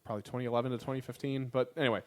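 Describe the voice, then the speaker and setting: A man's voice: medium pitch, steady tone, very fast. A young man co-hosting a casual podcast, rambling with profane, laughing enthusiasm. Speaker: podcast co-host. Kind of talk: casual comedic chat.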